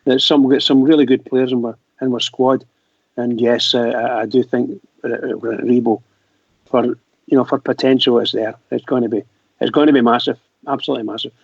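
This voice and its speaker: A man on a radio panel, talking in a halting, hesitant way. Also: mid-range voice, fairly even intonation, vocal fry, husky, no echo. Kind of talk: casual radio chat. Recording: dry, dull lo-fi audio.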